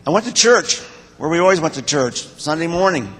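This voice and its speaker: A man's voice: fairly high pitch, expressive. Older man in a reverberant church hall. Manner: plain-spoken, halting, heartfelt storytelling. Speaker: church member giving a talk to the congregation. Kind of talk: personal testimony.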